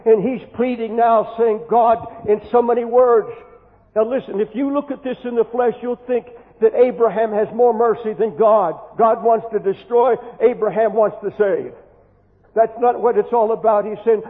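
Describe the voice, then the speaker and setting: A man's voice: extremely high pitch, moderate pace. A man preaching an impassioned sermon, repeating words as he pleads, in a church hall. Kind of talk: fervent sermon. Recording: tinny hall recording with long echo.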